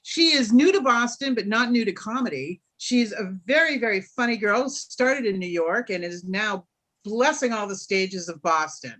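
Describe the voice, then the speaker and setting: A woman's voice: medium pitch, animated, moderate pace, a bit bright, rough recording. A woman hosting an online comedy show, introducing the next comedian in an upbeat, playful way.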